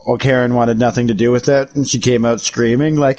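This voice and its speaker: A man's voice: mid-range voice, fairly even intonation, brisk, few pauses, darkish tone. An American man chatting casually with viewers while streaming a game, joking and swearing. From United States. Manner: profane joking banter with chat. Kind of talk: casual livestream chat.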